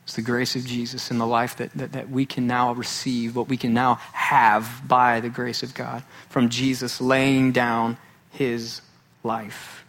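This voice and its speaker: A man's voice: mid-range voice, flat delivery, unhurried, fairly bright tone. A male pastor preaching a sermon, emphatic and repeating key phrases for weight.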